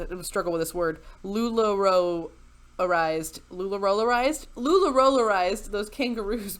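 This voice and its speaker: A woman giving casual reaction commentary as a video host, sarcastic and incredulous, breaking into laughter often. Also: mid-range voice. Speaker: YouTube commentator.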